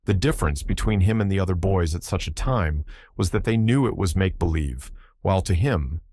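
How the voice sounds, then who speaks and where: An audiobook narrator with a low male voice reads a children's classic aloud from a script. He keeps a steady, measured delivery, and the sound is close and dry.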